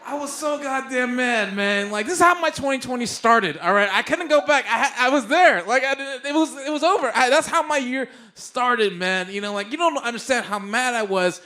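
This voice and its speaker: Animated high-voiced comedian spinning a story. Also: male voice, a little fast, hardly any pauses. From Bay Area. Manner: animated, swearing, sudden loud outbursts. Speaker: stand-up comedian. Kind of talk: live stand-up storytelling. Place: stage before a live audience.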